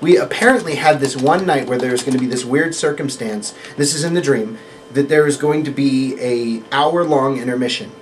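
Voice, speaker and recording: A man's voice: mid-range voice, moderate pace, slight background noise. A man telling a long story in casual chat, acting out the voices of the people in it. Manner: lively, acts out quoted voices. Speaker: guest actor telling a story.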